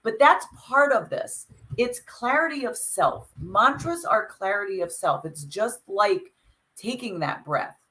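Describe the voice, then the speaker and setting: A woman's voice: medium pitch, lively intonation, measured pace, pushed and bright, low-quality recording. A woman co-hosting a podcast, reflecting aloud and talking things through in a casual chat. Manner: reflective, talks it through with restarts. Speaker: podcast co-host.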